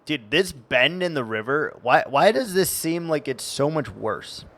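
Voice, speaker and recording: Slow, rambling young male streamer. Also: a little high, big pitch swings, a bit bright. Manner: rambling, chatty, stumbles and restarts. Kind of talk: casual gameplay chat.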